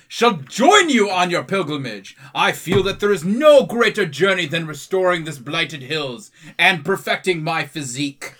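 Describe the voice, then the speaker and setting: Booming show-off strongman for a tabletop game, bright, sharp and swinging all over in pitch, as a player puts him on. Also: husky, exaggerated voice. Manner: grandiose, declaiming. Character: boastful strongman warrior man, pompous and showy.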